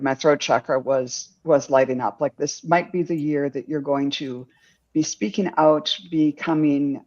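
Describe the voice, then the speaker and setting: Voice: mid-range voice, highs cut off. A guest tarot reader speaking over a video call, dreamy and descriptive, with hesitant fillers. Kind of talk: intuitive reading, casual chat.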